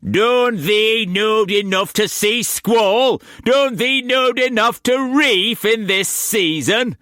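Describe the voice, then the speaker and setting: Roaring old sea captain, rough country dialect, high strained shouts, dry close sound. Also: male voice, animated, slow pace, no room sound. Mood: raging.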